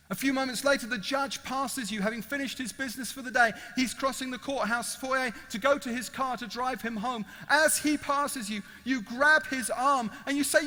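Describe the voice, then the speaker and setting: A man's voice: very high-pitched, moderate pace, few pauses, sharp tone. A man preaching an evangelistic sermon as a dramatic, emphatic storyteller. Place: large event hall. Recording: echoey large hall.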